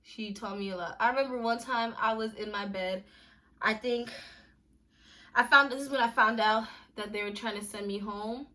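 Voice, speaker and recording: A young woman talking straight to camera in a casual vlog. Her voice is bright and forward. She speaks candidly and emphatically, in slangy everyday talk with quick restarts. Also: fairly high pitch, fairly even intonation. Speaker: vlogger.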